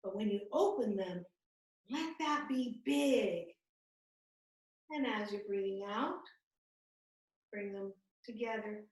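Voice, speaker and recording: A woman guiding a yoga class over a video call, giving gentle, calm and soothing step-by-step cues. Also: mid-range voice, slow pace, pauses often, distant mic. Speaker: yoga instructor. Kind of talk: guided yoga class instruction. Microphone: computer mic on a video call. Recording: echoey video call audio from off-mic.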